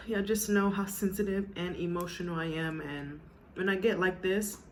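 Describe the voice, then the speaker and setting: A woman's voice: fairly low pitch, steady tone, moderate pace, a little hiss or hum. Earnest, emotional woman vlogger. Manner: earnest, emotional, repeats "you know". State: tearful at times. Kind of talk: heartfelt casual chat to viewers.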